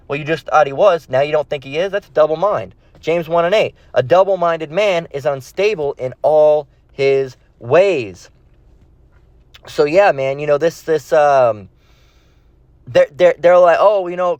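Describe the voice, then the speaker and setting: A man preaching informally to his viewers, halting and repeating himself with many fillers and restarts. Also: medium pitch, no room sound, lo-fi sound. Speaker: online preacher. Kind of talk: informal religious commentary.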